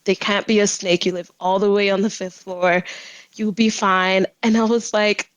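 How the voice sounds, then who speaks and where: A young woman tells a story on a podcast, with plenty of laughter breaking through. Her voice sits in an ordinary middle pitch and is recorded close and dry, with no room sound. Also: normal speed, clean tone, no room sound, poor audio. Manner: animated, laughs often while telling. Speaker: podcast guest. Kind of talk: casual storytelling.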